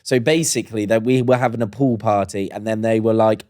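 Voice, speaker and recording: A man's voice: lowish voice, fairly even intonation, brisk, darkish tone. A young Australian man in his twenties co-hosting a casual chat, laid-back and blunt, swearing freely as he tells stories. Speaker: podcast co-host, former reality show contestant.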